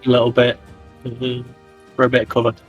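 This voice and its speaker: A man's voice: medium pitch, monotone, brisk, breathy edge, highs cut off, faint music behind. A man playing in a tabletop game, easygoing and polite as he sorts out rules with the game master. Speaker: player. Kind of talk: casual tabletop game chat.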